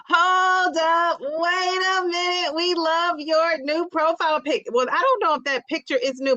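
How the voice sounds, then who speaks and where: Upbeat middle-aged lady chatting on her livestream, kinda high voice, bright, jokey. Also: clean tone, no room sound, dull audio. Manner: bubbly, playful, laughs at her own jokes. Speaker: livestream host greeting viewers. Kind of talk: casual livestream chat.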